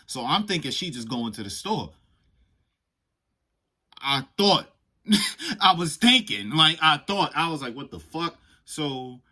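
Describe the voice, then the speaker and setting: A young man casually telling a profane, animated storytime vlog. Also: on the high side. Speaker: vlogger.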